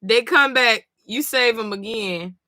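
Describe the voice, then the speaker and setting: A woman's voice: on the high side, unhurried, bright, forceful tone, no echo. A sleepy woman streamer reacting live as she reads a comic, blunt, profane and exasperated. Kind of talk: casual live reading reaction.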